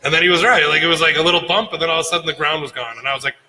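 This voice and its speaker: Bright-voiced man telling a story. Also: on the high side, rapid-fire, a little hiss or hum, rough recording. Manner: animated storyteller, acts out quotes. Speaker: podcast co-host. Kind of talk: casual storytelling chat.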